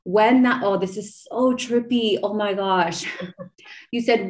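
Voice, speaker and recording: A woman's voice: mid-range voice, fairly even intonation, takes it slowly, darkish tone. A woman in her thirties hosting a podcast, telling a personal story in a rambling, emotional way. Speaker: podcast host. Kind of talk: casual interview chat.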